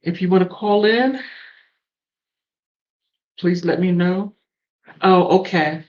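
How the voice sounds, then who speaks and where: A woman from the mountains hosting a call-in show and telling stories in a casual, animated way. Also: slow, pauses often, lo-fi sound. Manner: animated storytelling with big pitch swings. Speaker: host. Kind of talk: casual chat.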